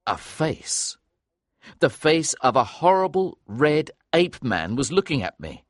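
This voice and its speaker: A man giving a scripted audiobook narration of a story in a clear, lively storytelling manner. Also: a little high, takes it slowly, no echo, clean studio sound.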